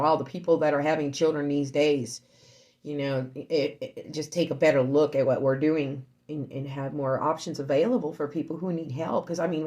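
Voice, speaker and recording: A woman streaming casually to her online group, shaken, repeating herself, swinging from loud outbursts to low murmurs. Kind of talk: emotional casual storytelling.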